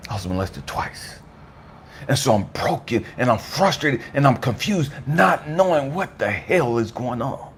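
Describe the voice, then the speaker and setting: Impassioned man, hushed to shouting. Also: mid-range voice, animated, moderate pace, hardly any pauses, slight background noise. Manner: raw and emotional, swings from hushed to shouting, swears. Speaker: speaker sharing his testimony. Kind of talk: impassioned personal testimony.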